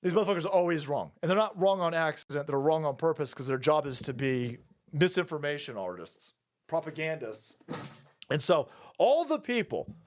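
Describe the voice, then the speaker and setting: Male streamer, profane rapid-fire rant, high animated voice. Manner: profane, rapid-fire, combative, laughing asides; talks fast. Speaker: political commentary streamer. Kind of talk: profane ranting commentary.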